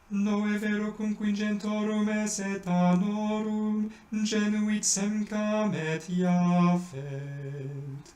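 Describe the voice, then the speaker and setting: A chant teacher with a gravelly, low voice gives an informal spoken lesson in an echoey room, breaking into sung Latin chant as examples. His explanations are halting, full of fillers and restarts, and he sounds far from the mic, with faint background noise.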